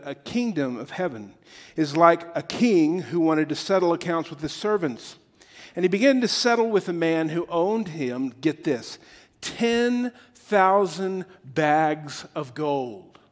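A man preaching a sermon, telling a story with quick asides and acted-out quotes. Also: a little high. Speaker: pastor. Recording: long reverb of a large hall.

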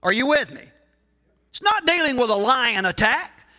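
Emphatic pastor preaching with a high, bright voice. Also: male voice, sing-song. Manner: emphatic preaching with rhetorical questions and pauses. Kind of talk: sermon.

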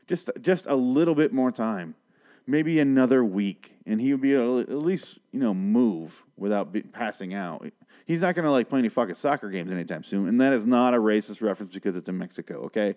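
A man's voice: medium pitch, animated, fairly quick, a little mellow. A man recapping a TV episode in a casual monologue, rambling and sarcastic, with plenty of swearing.

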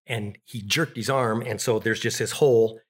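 A man's voice: on the low side, fairly even intonation, moderate pace, slightly rough. A middle-aged man telling childhood stories in an interview, rambling with restarts and fillers. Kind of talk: casual storytelling.

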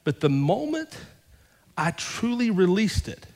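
A fairly high-voiced male pastor preaches in a church, his words ringing with the long reverb of a big sanctuary. He tells a personal story by acting out each side of the conversations himself. As the sermon goes on, he builds to fervent, raised preaching. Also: big pitch swings, a little slow, darkish tone.

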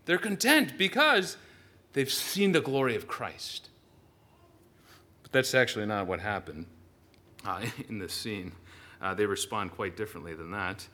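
Animated, bright-voiced male preacher. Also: fairly low pitch. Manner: animated storytelling, frequent "uh" and restarts. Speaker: pastor. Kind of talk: sermon.

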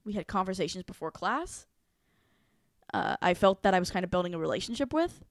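Woman, mid-pitched, casual storytelling co-host, blunt and expressive, dry close mic. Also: brisk, dry recording. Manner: candid, swears freely, animated retelling. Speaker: podcast co-host.

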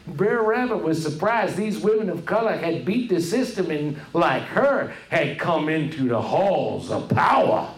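A man narrating a satirical folktale with a theatrical, drawling storyteller delivery. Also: on the high side. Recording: echoey room.

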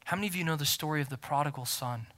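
A man preaching a sermon as pastor, emphatic and repeating key phrases, swinging from loud to near-whisper. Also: a little high, rapid-fire.

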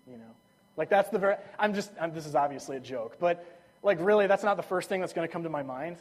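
A man's voice: fairly high pitch, animated, fast talker. A young man preaching a sermon, telling stories in a casual, enthusiastic way with lots of fillers. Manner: casual, enthusiastic storytelling with frequent "like".

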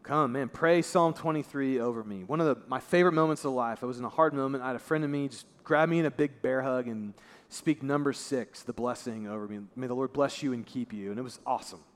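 A male pastor giving a sermon in a conversational way, dropping his voice low and soft for emphasis. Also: fast talker, hardly any pauses. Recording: long reverb of a large hall.

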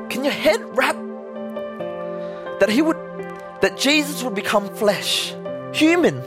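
A young male preacher with a notably high voice, telling the story loosely and casually. He slips into acted-out quotes as he goes, keeping the sermon conversational. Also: lively intonation, takes it slowly, long pauses, music in the background.

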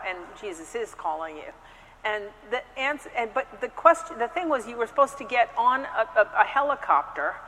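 A woman's voice: on the high side, pushed and bright, big-room sound, a little hiss or hum, rough recording. A woman priest giving a conversational sermon, telling personal stories with frequent restarts and hesitations. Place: church.

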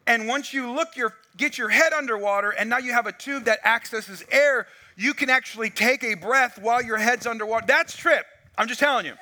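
A man's voice: very high-pitched, a little fast, few pauses. A man preaching a sermon, telling a story with lots of acted-out dialogue, on a wireless mic. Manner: animated storytelling, acts out dialogue. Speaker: pastor.

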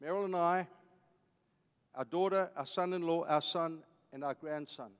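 With a clean tone and a high-leaning voice, a South African man in his fifties preaches to his church at a moderate pace. His Afrikaans accent, emphatic delivery and repeated phrases ring out with a long reverb tail.

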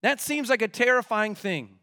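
A man's voice: very high-pitched, normal speed, sharp tone. A man preaching an expository sermon as a pastor, emphatic and full of rhetorical questions.

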